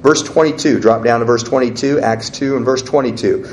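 A man's voice: mid-range voice, fairly even intonation, brisk, few pauses. A man preaching a sermon, teaching in a conversational way and guiding listeners through the verses as he reads them aloud. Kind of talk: sermon with scripture reading.

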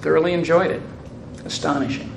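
An older man with a slightly raised pitch tells stories to a congregation and reads aloud in a measured, unhurried way, letting his phrases fade softly at the end. The room gives his voice a roomy ring, with a faint hiss underneath. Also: fairly even intonation, vocal fry. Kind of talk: storytelling talk with reading aloud.

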